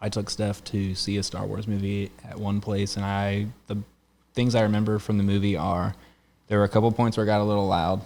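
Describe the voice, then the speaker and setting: A man's voice: on the low side, little pitch movement, fairly quick, darkish tone. A man in his thirties hosting a podcast, telling long casual stories and laughing often. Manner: rambling storyteller, laughs often. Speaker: podcast host. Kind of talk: casual chat.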